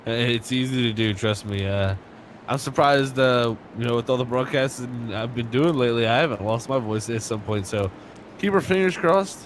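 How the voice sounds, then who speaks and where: A man's voice: mid-range voice, moderate pace, slight background noise. A young man commentating a sim race live, chatty and joking, with lots of fillers. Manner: casual, joking, filler-heavy.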